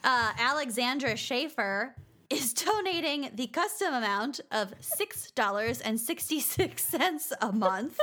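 Bubbly, fairly high-voiced woman co-host. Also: expressive, measured pace, pushed and bright. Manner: bubbly, giggly, effusive thanks. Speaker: podcast co-host. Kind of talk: casual chat reading supporter names.

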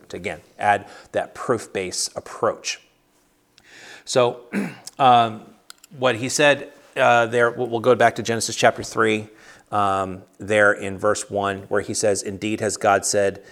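Man, low-voiced Bible study leader on a video call, casual and chatty, lots of restarts. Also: little pitch movement, moderate pace, creaky, fairly bright tone. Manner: conversational, many restarts and fillers.

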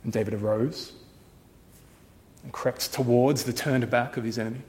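A pastor telling a story in a sermon, dramatic, shifting from hushed to loud. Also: male voice, mid-range voice, steady tone, normal speed, in a large hall, a little hiss or hum.

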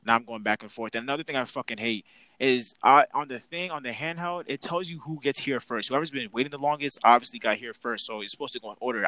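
A young man on a podcast goes off in a long, exasperated rant, packed with slang and cursing. His voice has a bright, forceful edge, and the sound is close and dry, with no room around it. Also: medium pitch, dry recording, poor audio. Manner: animated, exasperated ranting with heavy slang and profanity. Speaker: podcast co-host.

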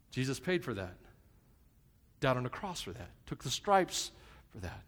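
A man's voice: medium pitch, sing-song, normal speed. Joking preacher, man, in a reverberant hall. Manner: conversational and joking, swinging from hushed to shouted; self-described plain and a bit crass. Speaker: pastor. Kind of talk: sermon. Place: church service.

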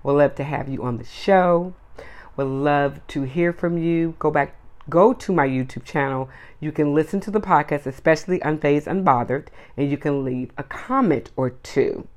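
A woman's voice: low-pitched, moderate pace. A woman hosting her own podcast, talking bluntly and emphatically as she stacks repeated words one after another. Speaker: podcast host. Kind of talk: solo opinion podcast monologue.

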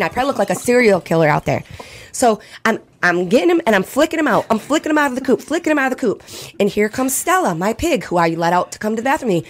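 A woman in her thirties, a podcast guest, telling a story in casual chat, animated and laughing as she acts out scenes. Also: medium pitch.

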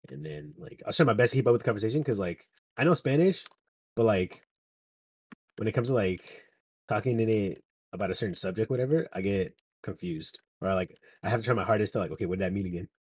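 A young man with a low, husky voice tells stories among friends in loose, profane banter. He is animated and laughs easily. His voice sounds dry and close, with no room echo. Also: quick pace. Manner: animated storyteller, laughs a lot, swears freely. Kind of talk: casual chat with friends.

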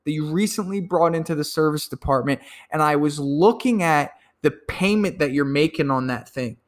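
A man giving a sales training talk, emphatic and quick to act out phone calls, often repeating words as he goes. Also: fairly high pitch. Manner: repeats words when excited. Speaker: sales coach.

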